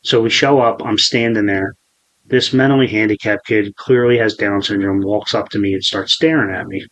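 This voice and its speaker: A man's voice: on the low side, fairly even intonation, moderate pace, fairly bright tone, poor audio. A man in his forties hosting a podcast, telling a story in a profane, rambling way with many restarts. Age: 40s. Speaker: podcast host. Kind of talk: casual podcast chat.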